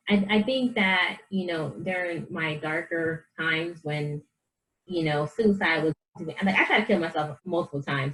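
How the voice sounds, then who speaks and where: A woman's voice: low voice, poor audio. A woman life coach, a guest in a casual interview, talking earnestly and animatedly about her past and her faith, acting out what others said. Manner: earnest, animated storyteller who acts out quoted voices.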